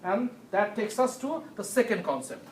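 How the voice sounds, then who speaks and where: A high-pitched man whose pitch swings widely speaks at normal speed, far from the tablet screencast mic in an echoey room. During this recorded economics lecture he repeats the essentials, checks everyone understands, and lets out the occasional cough.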